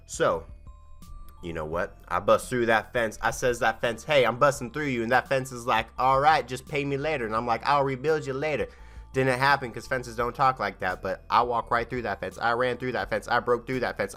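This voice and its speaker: A man in his thirties tells a rambling, comic story of a game playthrough, jumping into quick character voices as he goes. His voice is bright and forward. Faint music plays under him. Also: mid-range voice. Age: 30s. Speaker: gaming channel host.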